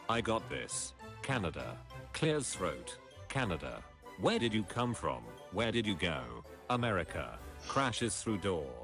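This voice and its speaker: A man with a lowish voice reads meme captions aloud on a casual stream, his pitch swinging widely as he delivers each joke. Music plays clearly behind him. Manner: reads captions aloud, drops into deadpan low voices for punchlines. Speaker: streamer reading memes aloud.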